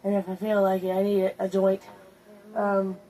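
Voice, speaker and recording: A woman's voice: mid-range voice, monotone, moderate pace, dark tone, low-quality recording. A woman hosting a casual story time, telling crude, rambling stories among friends. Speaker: host.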